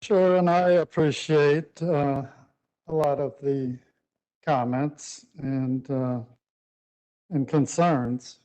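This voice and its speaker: A man's voice: on the high side, steady tone, extremely slow, dark tone, rough recording. A man speaking as the applicant at a public hearing, hesitant and full of filler words. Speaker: development applicant.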